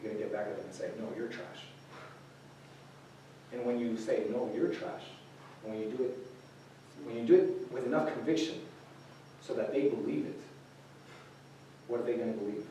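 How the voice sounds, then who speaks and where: Slight background noise accompanies this fast-talking youth speaker, whose mid-range voice has a dark tone. He delivers an informal sermon casually, with many fillers and restarts, heard from afar in an echoey room.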